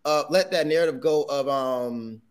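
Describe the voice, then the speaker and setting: A man with a slightly raised pitch speaks in an affirming way during a casual podcast chat. He talks directly to the listeners. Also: moderate pace, clear, resonant tone. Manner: affirming, calls listeners "baby". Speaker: podcast co-host.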